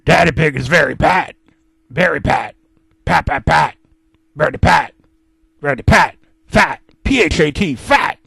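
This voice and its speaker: A man's voice: a little high, lively intonation, measured pace, vocal fry, fairly bright tone, breathy edge, dry recording, clean studio sound, heavily acted. A man voicing a taunting cartoon potato TV presenter with a mocking, sing-song delivery.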